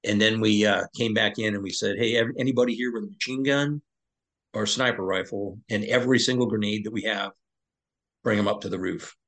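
A man's voice: on the low side, fairly even intonation, a little fast, a bit bright, low-quality recording. A former Navy SEAL, a man, telling a war story as a podcast guest in a loose, conversational way, with fillers and restarts.

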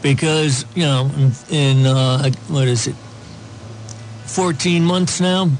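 Slow-paced and steady in tone, a medium-pitched man reads out the news, with a little hiss or hum in the recording. His political commentary is laid-back, peppered with sarcastic asides and frequent ums.

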